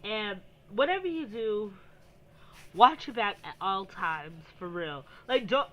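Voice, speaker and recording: Bright-voiced woman telling a story. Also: medium pitch, expressive, takes it slowly, rough recording. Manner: rambling, heavy use of "like" fillers. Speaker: vlogger. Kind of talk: storytime vlog.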